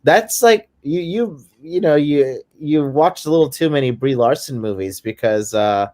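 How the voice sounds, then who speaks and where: Man, podcast co-host, casual chat, crude, mocking, animated. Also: medium pitch, normal speed.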